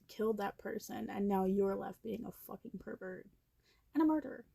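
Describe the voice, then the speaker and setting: A young woman casually recapping a movie while she watches it at her computer, blunt and profane, with animated reactions and quiet asides. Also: medium pitch, creaky, breathy edge.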